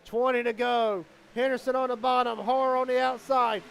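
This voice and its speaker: A man calling a live sim race as commentator, excitable and quickening with the action. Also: very high voice, gravelly, slight background noise.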